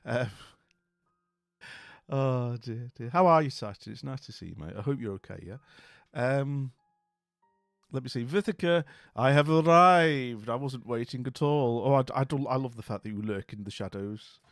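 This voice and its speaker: A man's voice: mid-range voice, lively intonation, normal speed, creaky, no echo. Man, rambling live-stream host, dry sound, faint music behind. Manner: chatty, jokey, rambling with fillers and restarts. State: tired and dopey. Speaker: livestream host. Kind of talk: casual live-stream chat greeting viewers.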